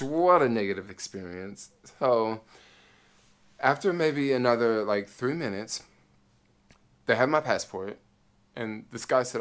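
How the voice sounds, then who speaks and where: Man, vlogger, casual storytelling, lots of fillers, acts out other people's lines, middle pitch. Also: unhurried, long pauses. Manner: animated, many fillers, acts out soldiers' lines.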